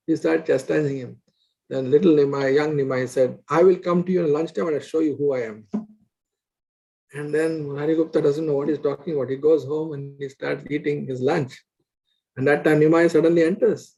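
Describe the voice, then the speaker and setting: A man's voice: on the high side, moderate pace, gravelly, rough recording. A man telling a devotional story, acting out the characters and laughing often. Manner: animated, acts out quoted characters, laughs often. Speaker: guest speaker. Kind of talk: storytelling religious talk.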